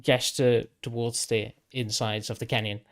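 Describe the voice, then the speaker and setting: A man narrating as game master, slow and hesitant, with many pauses and fillers. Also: mid-range voice, flat delivery.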